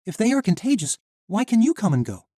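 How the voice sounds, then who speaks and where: A man's voice: high voice, big pitch swings, brisk, dark tone, husky, dry recording, studio quality, voice pushed up, exaggerated voice. A man voicing a bold, determined young heroine who speaks with defiance. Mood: defiant.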